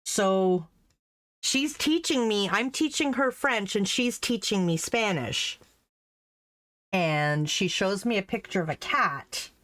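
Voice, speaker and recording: This is a chatty middle-aged Canadian woman, once a French teacher, telling casual stories while she embroiders. She laughs often and acts out quoted voices, speaking slowly and animatedly in a medium-pitched, fairly bright voice.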